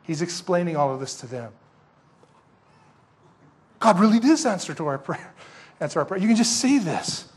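A man preaching an expository sermon as pastor, telling the story in a lively way and asking the congregation rhetorical questions. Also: sits high, normal speed, pauses often, husky.

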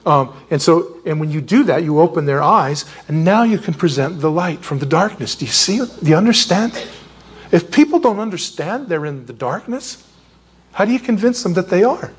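A man's voice: a little high, lively intonation, normal speed, husky. A male pastor giving a sermon in a rambling, conversational way, often losing his train of thought.

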